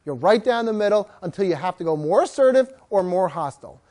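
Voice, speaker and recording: A woman's voice: medium pitch, fast talker. A woman dog trainer giving a jokey talk to an audience, acting out little voices of owners and dogs. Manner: animated, jokey, acts out voices of people and dogs.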